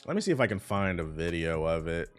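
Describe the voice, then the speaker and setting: A man's voice: low voice, very animated, fast, clear, resonant tone. A man streaming live, casually and profanely commenting on gaming news and talking to his chat. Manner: profane, rambling, talks to chat. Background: music beat playing.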